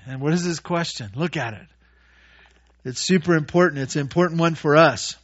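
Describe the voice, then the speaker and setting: Male pastor preaching; high voice, animated delivery that acts out characters, dull lo-fi recording. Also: moderate pace. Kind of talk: sermon.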